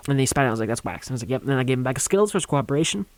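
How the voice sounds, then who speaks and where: A man's voice: medium pitch, lively intonation, rapid-fire, dry recording. A young man telling a rambling, funny story on a college radio show, acting out quotes and laughing along.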